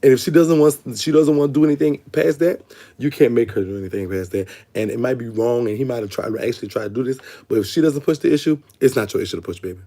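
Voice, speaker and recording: A man hosting a call-in advice show over the phone. He talks fast and calls his callers "my baby" and "sister". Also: mid-range voice, mellow.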